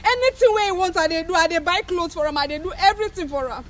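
Very high-voiced Nigerian woman, tearful. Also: quick pace. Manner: tearful, angry and accusing. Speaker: ex-girlfriend confronting a former partner. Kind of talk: emotional street confrontation.

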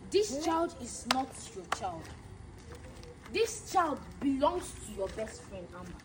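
Actress as a commanding young prophet, high and lively pitch, solemn deliberate delivery. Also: female voice, slight background noise, heavily acted, rough recording. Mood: stern. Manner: slow, solemn pronouncements. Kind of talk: skit drama acting.

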